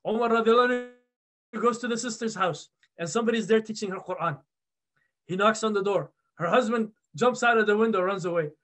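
High-voiced man telling a lively sermon story. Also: a little fast. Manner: animated storytelling, acts out quoted voices; conversational, many repeated words and "right?" asides. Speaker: preacher.

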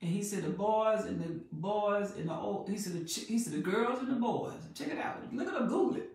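Gravelly woman preaching in an echoey room. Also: medium pitch, expressive, brisk. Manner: repetitive, emphatic preaching that swells in loudness. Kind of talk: sermon. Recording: very echoey room, voice far from mic.

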